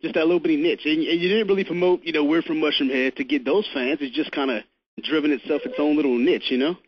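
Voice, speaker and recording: A man's voice: a little high, fast. A man interviewing a musician, chatty and casual, swearing freely. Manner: chatty, profane, laughing often. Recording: muffled lo-fi recording.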